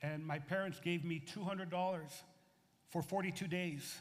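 A middle-aged man from the United States preaching a sermon to his congregation, animated and conversational, swinging between loud emphatic phrases and quiet asides. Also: high voice, normal speed. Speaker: pastor. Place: church sanctuary. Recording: reverberant hall.

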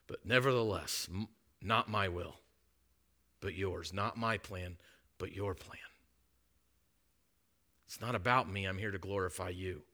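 A preacher lends his own bright voice to Jesus, an anguished man who pleads in prayer and then submits. The tone rings clear and carries earnest pleading. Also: sits low, pitched below the performer's own voice, full character voice.

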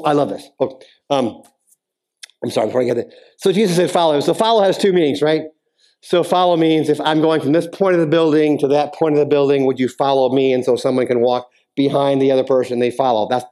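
A man preaching a sermon as a pastor in a church, talking casually with the congregation and then building to emphatic, near-shouted appeals. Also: medium pitch, a little fast. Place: church sanctuary.

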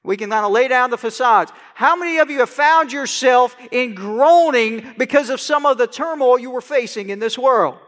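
A middle-aged man preaching a sermon as pastor, animated and dramatic, crying out scripture lines. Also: very high-pitched, normal speed, hardly any pauses. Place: church sanctuary. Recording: long hall reverb in church.

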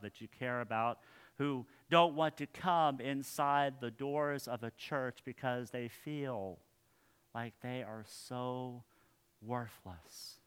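A male pastor preaching a sermon in a church, earnest, his phrases trailing off softly at the ends. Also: mid-range voice, smooth.

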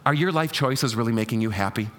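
A man's voice: mid-range voice, lively intonation, fast talker, fairly bright tone, in a large hall, voice pushed down, lightly acted. A man voicing an exasperated mother pleading with and scolding her grown children, dramatic and coaxing.

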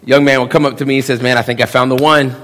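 A man, preaching a sermon, swinging between hushed asides and loud emphasis and acting out quick quotes. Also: mid-range voice, level tone. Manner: drops into quick voiced quotes of young men. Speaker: pastor. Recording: long reverb of a church hall.

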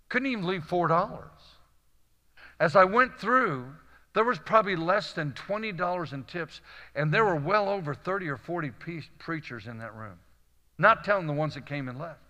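Preacher guy spinning folksy stories, bright slightly high voice, big echoey hall. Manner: folksy, animated storytelling with Southern "y'all". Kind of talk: storytelling sermon.

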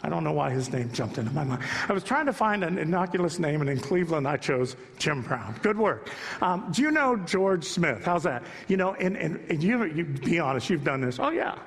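Preaching a sermon in a church sanctuary, a male pastor speaks emphatically and briskly with few pauses, chatting with the congregation in asides. His fairly high, animated voice has vocal fry, and a long reverb tail trails after it.

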